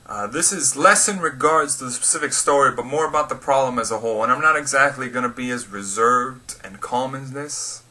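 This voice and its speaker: A man's voice: mid-range voice, bright, forceful tone. A man hosting his own audio show, giving blunt, sarcastic commentary from a script and swearing freely when he rants. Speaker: podcast host.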